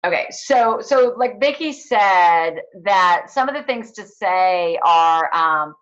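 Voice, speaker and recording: A woman's voice: fairly low pitch, animated, slow pace, fairly bright tone, dull audio. A woman health coach explaining coaching questions in a casual, rambling way, with many fillers and restarts. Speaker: health coach leading a training call. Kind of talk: casual teaching talk.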